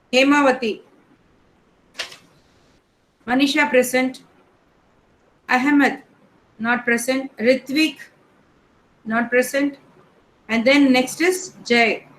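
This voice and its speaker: A woman teacher, calling the roll in an online class in a brisk, matter-of-fact way. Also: high voice, steady tone, a bit bright, poor audio. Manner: reads names one by one in a brisk, matter-of-fact way.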